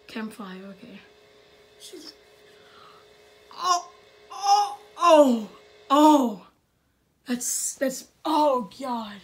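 A woman's voice: high-pitched, animated, drawn-out words, pauses often. A woman hosting a scary-video reaction, jumpy and stammering, with gasping exclamations. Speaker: reaction channel host. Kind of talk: scared reaction commentary.

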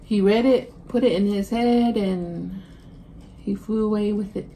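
A woman's voice: medium pitch, steady tone, measured pace, dark tone, slight background noise. A woman co-hosting a casual family food vlog, chatting easily and laughing often. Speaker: vlog co-host. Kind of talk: casual chat.

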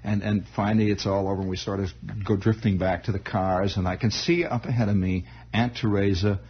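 Husky man rambling through a radio story. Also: fairly low pitch, steady tone. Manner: rambling, halting, many restarts. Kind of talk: improvised radio monologue. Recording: dull lo-fi 1960s radio broadcast.

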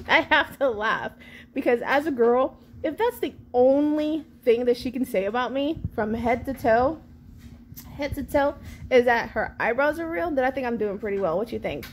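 A woman in her thirties, a vlogger telling a sassy, animated storytime about an outing with her kids. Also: sits high, normal speed, slight background noise. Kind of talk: storytime vlog.

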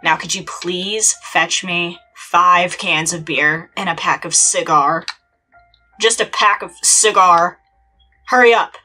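A woman voicing an impatient male customer who barks orders in a slightly lowered voice. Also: slow pace, pushed and bright, soft background music, exaggerated voice. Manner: curt, demanding.

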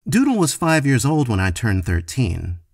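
A man with a gravelly voice reads a short story slowly and expressively. His pitch swings widely from line to line. He is recorded close and dry, with no room sound. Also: wildly swooping pitch, darkish tone, no echo. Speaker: story reader. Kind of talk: dramatic short-story reading.

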